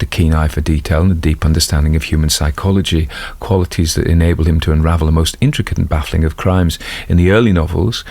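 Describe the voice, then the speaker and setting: A man's voice: sits low, creaky, darkish tone. A man with a Geordie accent, an audiobook narrator talking casually about a detective series in a rambling, self-deprecating way with many fillers and asides. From North East England. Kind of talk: casual spoken commentary.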